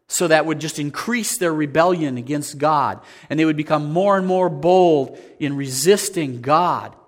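A man preaching a sermon, animated, acting out everyday scenes and asking the congregation questions. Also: high voice. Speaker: pastor.

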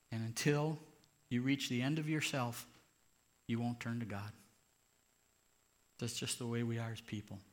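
A man, a pastor, preaching a sermon in an earnest, conversational way. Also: medium pitch.

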